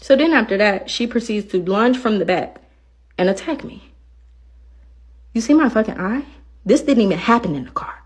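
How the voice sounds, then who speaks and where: A woman telling a personal story in a blunt, profane and animated way, acting out the other side of the dialogue. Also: fairly high pitch, normal speed, pauses often, husky. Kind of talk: casual storytelling.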